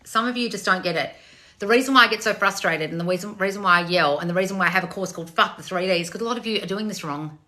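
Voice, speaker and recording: A woman's voice: mid-range voice, racing, pushed and bright. A woman, a manifestation coach scolding her viewers bluntly with plenty of swearing. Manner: profane, blunt, exasperated tough-love scolding. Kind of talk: blunt livestream chat reading comments.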